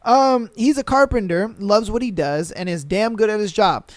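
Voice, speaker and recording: Male podcast host, high voice, dry close mic, slangy and animated storyteller. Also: normal speed, no echo. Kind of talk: reading and reacting to listener stories.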